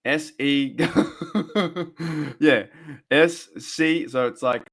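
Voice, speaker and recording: A man with an Australian accent hosting a casual fan live stream, rambling excitably and answering his chat viewers. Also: mid-range voice, slow. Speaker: fan podcast host. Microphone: desk microphone for a live stream.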